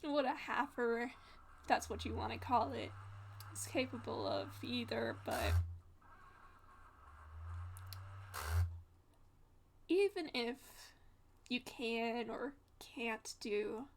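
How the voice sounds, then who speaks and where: A woman playing a gentle reassuring young man. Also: on the high side, takes it slowly, vocal fry, slight background noise. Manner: soft, hesitant, many fillers. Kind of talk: voiced role-play.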